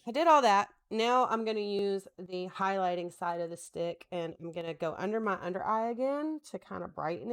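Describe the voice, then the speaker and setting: A makeup vlogger in her thirties chats casually while doing her makeup, rambling, joking at her own expense and talking to her husband between steps. Her voice is medium-pitched and gravelly.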